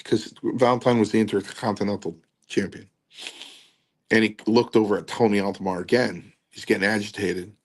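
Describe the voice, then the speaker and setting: A man's voice: lowish voice, normal speed. A man, a guest on a podcast, telling a story casually and acting out the quotes as he goes. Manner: animated, acts out quotes in the story. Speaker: guest, former wrestler.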